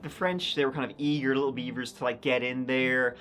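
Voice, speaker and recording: A man's voice: medium pitch, fairly even intonation, a little fast, a bit bright, a little hiss or hum. A man narrating history in a casual, conversational storytelling style with wry, sardonic asides.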